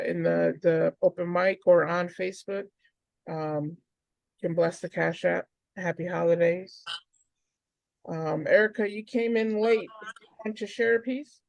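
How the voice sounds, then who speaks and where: A woman hosting an online open mic over a video call, soft-spoken and hesitant, with many fillers. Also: on the low side, vocal fry, no room sound.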